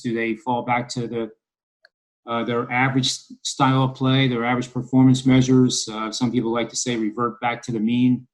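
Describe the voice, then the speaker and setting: A man's voice: medium pitch, low-quality recording. Rambling, wry man in a betting podcast. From Philadelphia. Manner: rambling, wry, many ums and uhs. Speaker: sports betting analyst. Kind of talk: casual podcast discussion.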